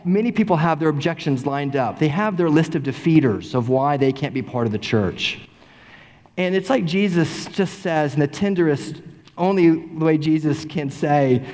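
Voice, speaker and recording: A middle-aged male pastor preaching an animated sermon, full of repeated rhetorical questions. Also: a little high, normal speed. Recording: long reverb in a large sanctuary.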